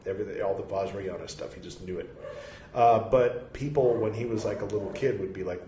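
A man's voice: lowish voice, brisk. A man casually commenting on a reading, rambling and facetious, with frequent asides. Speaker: podcast host reading and commenting. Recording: roomy echo, faint background noise.

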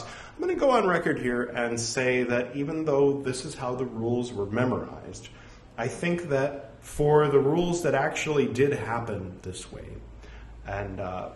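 A man's voice: mid-range voice, big pitch swings, normal speed, a little hiss or hum. A man reading religious scripture aloud, saying the punctuation as he goes, and breaking off into casual, rambling asides. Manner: reads out punctuation such as quote and three dots; casual asides full of fillers like "like" and "you know". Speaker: scripture reader. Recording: echoey room.

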